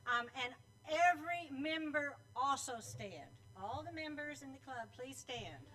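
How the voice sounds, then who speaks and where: A woman's voice: high-pitched, expressive, measured pace, sharp tone, far from the mic, poor audio. A woman addressing a club meeting, calling members by name and asking them to stand, in a chatty, teasing way. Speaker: club board member introducing teams. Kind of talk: informal meeting announcements. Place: meeting room at a club luncheon.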